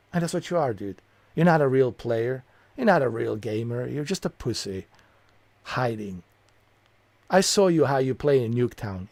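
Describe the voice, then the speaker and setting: A man's voice: medium pitch, darkish tone, no room sound. A man streaming from home, ranting angrily and profanely at a viewer on a close desk mic. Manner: heated, profane, repetitive, confrontational. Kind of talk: angry rant at a viewer.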